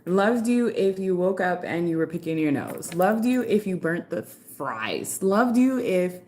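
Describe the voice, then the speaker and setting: A woman's voice: fairly low pitch, sing-song, a little slow, darkish tone. Chatty, slangy woman reading tarot live. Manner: chatty, slangy and playful, with frequent "like" and "okay". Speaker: tarot reader.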